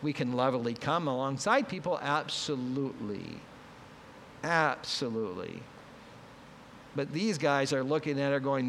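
A man's voice: medium pitch, expressive, a little slow, vocal fry, a bit bright, a little hiss or hum. Man preaching in an echoey hall. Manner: conversational preaching, acts out quoted voices. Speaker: pastor. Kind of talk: sermon. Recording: long reverb, faint ambience.

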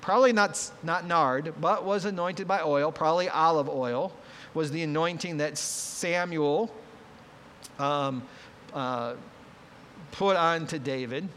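Male pastor, slightly high voice, conversational sermon delivery that acts out the quotes, long hall reverb. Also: slow, fairly bright tone, a little hiss or hum. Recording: long reverb, faint ambience.

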